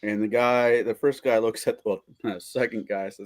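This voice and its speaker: This streamer speaks at normal speed in a fairly low, steady voice. Rambling through casual chat, he cracks crude jokes full of swearing and performs each character's voice.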